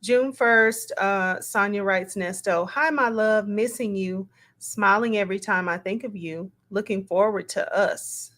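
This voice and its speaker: Slow, musing woman reading messages aloud. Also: medium pitch, a bit bright. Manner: slow, musing, reads quotes aloud with asides. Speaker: commentator reading text messages. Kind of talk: casual read-aloud commentary.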